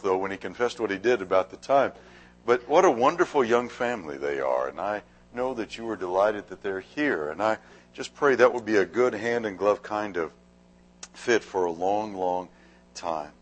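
A man with a very deep voice delivers a sermon as a visiting preacher. He speaks graciously and takes his time, pausing and restarting as he goes. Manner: gracious, unhurried, with halting pauses. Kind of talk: sermon with a warm-up story.

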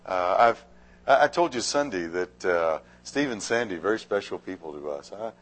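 A man speaking as a visiting preacher, giving a sermon in a gracious, unhurried way with halting pauses. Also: low voice, expressive. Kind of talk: sermon with a warm-up story.

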